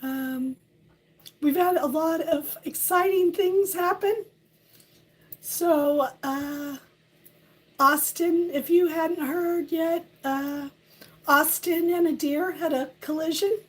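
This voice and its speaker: A woman hosting a casual morning live stream, hoarse and losing her voice from a cold, chatting and laughing at how she sounds while greeting viewers by name. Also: very high-pitched, steady tone, takes it slowly. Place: home on a windy ridge.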